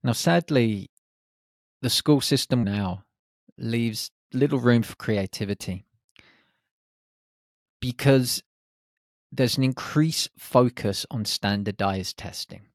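A man hosting a reflective solo podcast, speaking in short, unhurried phrases. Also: medium pitch, dry recording, clean studio sound. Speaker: podcast host.

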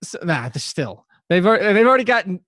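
A man hosting casual sports talk, quick and argumentative with a joking edge. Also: high-pitched, sing-song, fairly bright tone, dry recording, studio quality. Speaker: podcast host.

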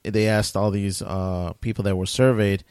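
A man's voice: on the low side, fairly even intonation, normal speed, a little mellow, clear, resonant tone, no room sound, studio quality. A man in casual podcast chat, retelling a story with lots of quoting and fillers.

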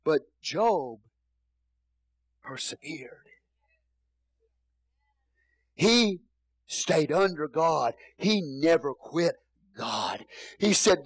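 A man's voice: fairly high pitch, animated, extremely slow, long pauses, husky, no room sound, poor audio. A male pastor preaching a sermon in a church, repeating phrases and calling out hallelujah.

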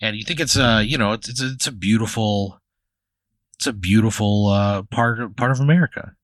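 A man's voice: on the low side, fairly quick, dry recording. A man hosting a comedy podcast, improvising a long hypothetical story in a rambling, profane way full of fillers and restarts.

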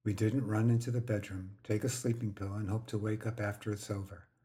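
A man voicing a calm, patient woman friend who speaks softly but firmly. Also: lowish voice, a little fast, natural voice. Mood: gentle, firm. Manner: soft but firm.

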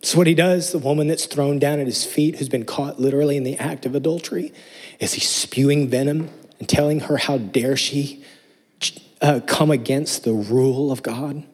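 Husky-voiced man preaching earnestly. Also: medium pitch, fairly even intonation, moderate pace, a little mellow. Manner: earnest, emphatic preaching with rhetorical questions. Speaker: pastor. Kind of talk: sermon.

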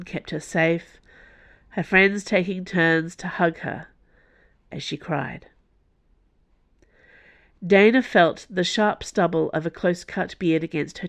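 A woman narrating an audiobook in a measured, even way. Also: sits low, gravelly, no echo. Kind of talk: scripted narration.

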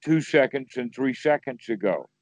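A man talks through Buddhist practice casually on a call, his intonation lively and his speed normal. Playfully, he acts out inner voices, bursting into sudden high exclamations. There's no room sound.

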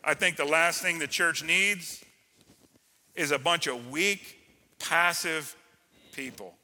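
A man preaching a sermon as pastor, energetic and full of call-and-response to the congregation. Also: on the high side, slow pace, long reverb tail. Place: church sanctuary.

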